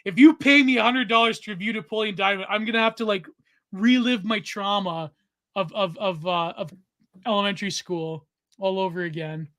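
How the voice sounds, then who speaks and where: A man's voice: high-pitched, brisk, a bit bright, no room sound. A young man co-hosting a podcast, ranting in casual talk, swearing often and sounding exasperated. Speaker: podcast co-host. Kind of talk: heated casual podcast rant.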